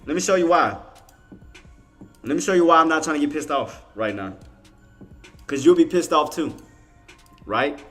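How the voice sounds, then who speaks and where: A man's voice: on the high side, lively intonation, normal speed, long pauses, a bit bright, faint music behind. A man giving live commentary on his trading, exasperated, swearing and talking straight to his chat viewers. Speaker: day trader streaming to viewers.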